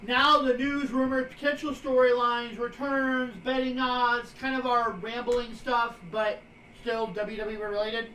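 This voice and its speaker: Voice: medium pitch, little pitch movement, measured pace, pushed and bright. A streamer in their forties co-hosting a live show, casually rambling through wrestling news items with lots of fillers. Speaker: streamer co-host. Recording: roomy, distant from mic, faint noise.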